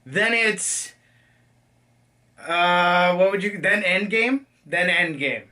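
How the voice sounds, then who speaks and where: A man's voice: high-pitched, slow pace, bright, forceful tone, far from the mic. A man giving a casual, profane movie reaction, talking animatedly and acting out lines in silly voices. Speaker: movie reviewer.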